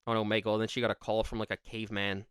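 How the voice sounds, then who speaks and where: A man's voice: fairly low pitch, level tone, a bit bright, clear, resonant tone, no echo, clean studio sound. A young man telling rambling stories about school pranks in casual chat, laughing between lines. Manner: rambling storyteller, quick laughs. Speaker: podcast co-host. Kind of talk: casual chat, reading advice aloud.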